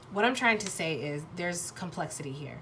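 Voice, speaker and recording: A woman giving a pick-a-card tarot reading to viewers, thinking aloud in a halting way, restarting sentences as she searches for words and swearing freely. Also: fairly low pitch, pushed and bright, a little hiss or hum. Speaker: tarot reader.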